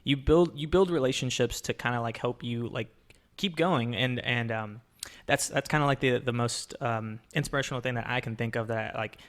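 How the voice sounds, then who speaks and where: A man's voice: medium pitch, normal speed, fairly bright tone. Man, podcast host, casual rambling chat, frequent fillers and restarts.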